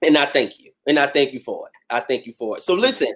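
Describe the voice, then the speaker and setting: A man's voice: mid-range voice, quick pace, breathy edge. A man hosting a casual livestream chat, reading viewer comments and talking to them with slang. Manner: animated, talks to viewers with slang. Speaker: host.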